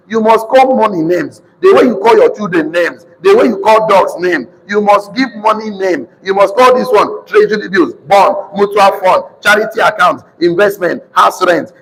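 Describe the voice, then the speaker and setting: A man with a Nigerian accent preaching to a live congregation, calling for responses and slowly repeating key lines for notes. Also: high-pitched, slightly rough. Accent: Nigerian English. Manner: sudden shouted emphasis. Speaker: motivational preacher. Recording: reverberant hall.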